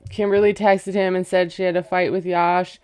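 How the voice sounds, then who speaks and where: A woman's voice: on the low side, level tone, normal speed, darkish tone, smooth, dry recording. A woman casually recapping a reality show, chatty and gossipy, acting out quotes and laughing as she goes. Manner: gossipy, retells scenes with quoted voices and laughs.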